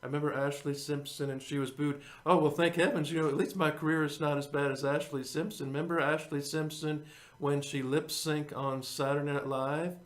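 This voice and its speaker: A man with a higher-than-usual voice who hosts his own show as a singer-songwriter. He rambles from one thought to the next in loose casual chat. He chuckles often and keeps calling his viewers folks. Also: level tone, fairly quick.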